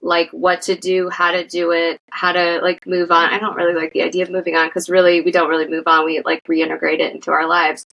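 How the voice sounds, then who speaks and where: A woman therapist speaks in a slightly low voice, unhurried and reflective. She talks in a casual conversational way, often pausing on fillers as she works through her thoughts. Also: little pitch movement, creaky, sharp tone, muffled recording. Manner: thoughtful, uses many fillers. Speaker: therapist guest.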